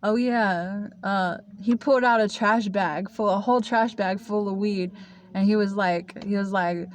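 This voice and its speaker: A young woman telling a personal story to camera in a halting, confessional way, full of fillers and restarts. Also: mid-range voice, fairly even intonation, slight background noise. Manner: confessional, emotional. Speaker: vlogger. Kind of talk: casual storytelling.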